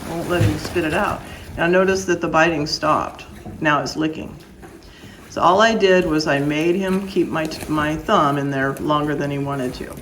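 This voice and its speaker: A woman with a lowish voice talks firmly and emphatically about caring for new puppies. Her tone is plain-spoken and strict in a casual vlog. Faint background noise sits under her voice. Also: fairly even intonation, normal speed, fairly bright tone, low-quality recording. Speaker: dog breeder.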